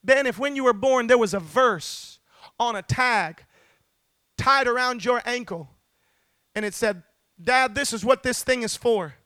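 A man preaching a fervent sermon, calling on the congregation to answer back, swinging between loud shouted lines and hushed ones. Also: extremely high pitch, unhurried, no room sound, studio quality.

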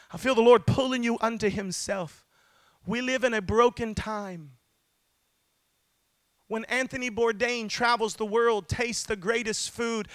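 A man preaching a fervent sermon, calling on the congregation to answer back, swinging between loud shouted lines and hushed ones. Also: very high-pitched, no room sound, studio quality.

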